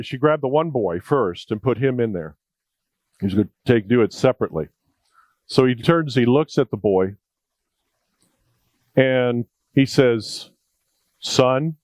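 A man's voice: medium pitch, darkish tone, dry recording. A male preacher delivering a sermon in a conversational, jokey way, repeating key points for emphasis.

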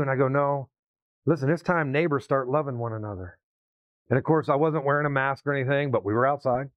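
A man's voice: mid-range voice, fast, no room sound, highs cut off. A man preaching, telling a story in a conversational way and acting out the quotes. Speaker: pastor. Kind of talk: sermon story.

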